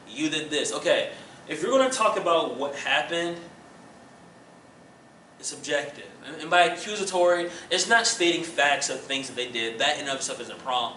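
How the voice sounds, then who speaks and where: A man's voice: on the high side, a little hiss or hum. A man teaching a relationship class at church, acting out examples with humor. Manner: animated, acts out examples with jokes and laughter. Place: church room. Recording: echoey room mic from a distance.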